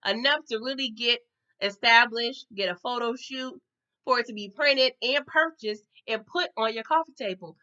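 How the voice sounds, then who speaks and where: A TV recap vlogger, a woman with a slightly high, bright, forceful voice, runs through an episode at a moderate pace. She's chatty and slangy, calls her viewers y'all, and ends her lines with okay. The sound is dull and lo-fi.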